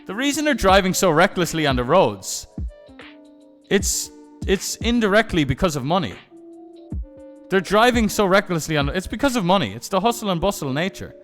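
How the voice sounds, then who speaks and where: A man's voice: high-pitched, big pitch swings, normal speed, fairly bright tone, soft background music. A young man live-streaming, telling rambling, profane stories in casual chat and often restarting his sentences.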